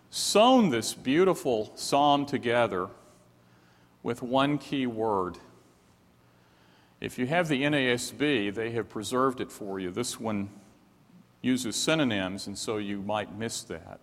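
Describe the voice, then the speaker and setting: A man preaching a sermon as pastor, earnest and emphatic, rising into exhortation. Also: medium pitch. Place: church sanctuary. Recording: long hall reverb.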